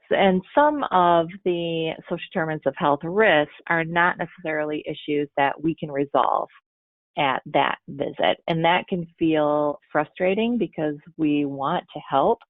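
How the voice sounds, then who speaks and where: Female trainer, lower register, patient step-by-step explainer; tinny call audio. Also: dry recording. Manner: explains step by step with spoken examples. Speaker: health trainer presenting a webinar. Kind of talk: instructional webinar presentation. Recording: tinny phone-like webinar audio.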